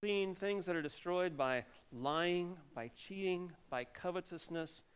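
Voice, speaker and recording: A middle-aged man, a pastor, giving a sermon in an animated preaching manner with sudden loud exclamations. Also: sits high, measured pace, smooth.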